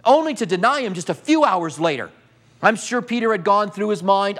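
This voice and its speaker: Male preacher, sermon, vivid storyteller, rhetorical questions, slightly high voice. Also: animated, a little fast, fairly bright tone.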